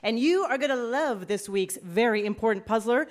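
A woman's voice: fairly high pitch, expressive, moderate pace. A woman hosting a live radio quiz show, joking and laughing with contestants in front of an audience. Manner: playful, laughing, joking banter.

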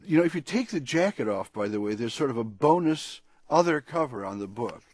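Male author guest at home, husky voice, animated pitch, wry and chatty. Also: a little fast, dry recording. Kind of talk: radio interview from home. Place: his home.

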